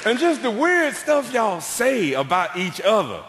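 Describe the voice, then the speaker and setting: Brief: Southern US man, stand-up comic, bright voice that swings up and down, in an echoey theatre. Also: sits high, unhurried, some chatter behind, slight background noise. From American Deep South. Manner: lively, drawling storyteller with punchy deadpan tags. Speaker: stand-up comedian. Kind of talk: stand-up comedy set. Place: large theatre on stage, audience laughing. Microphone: stage microphone. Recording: echoey theatre hall with long reverb.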